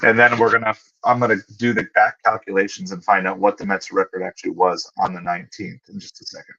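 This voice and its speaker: Guy with a lowish voice chatting on his stream, answering chat, kinda dull lo-fi audio. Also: little pitch movement, creaky, sharp tone. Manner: conversational, thinks aloud, pauses with fillers while looking things up. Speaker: livestream host. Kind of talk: casual livestream chat answering viewers.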